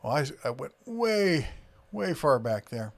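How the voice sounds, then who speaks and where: A man's voice: medium pitch, sing-song, unhurried, vocal fry. A man with an Iowa accent hosting a live stream, rambling casually, reading viewer comments aloud with many fillers.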